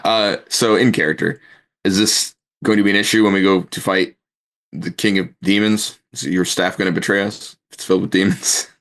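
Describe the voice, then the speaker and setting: A man's voice: low voice, steady tone, normal speed, a bit bright. A man playing in a tabletop game, chatting casually with wry, joking asides. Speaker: player.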